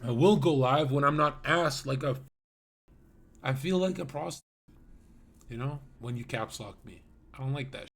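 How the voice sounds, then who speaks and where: A man's voice: mid-range voice, moderate pace, creaky, long pauses, fairly bright tone. A man streaming live, ranting at his chat in a brash, mocking way, swearing and laughing at his own jokes. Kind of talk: livestream rant.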